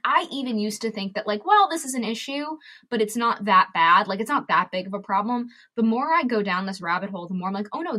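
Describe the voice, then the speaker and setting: A woman's voice: mid-range voice, sharp tone. A woman comedian and advocate, a podcast guest who talks bluntly and emphatically with lots of swearing. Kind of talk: candid podcast interview.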